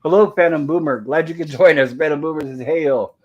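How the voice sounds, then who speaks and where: A man's voice: a little high, a little fast, highs cut off. A man hosting a review livestream, casually reading out viewer comments in a friendly, rambling way with many fillers.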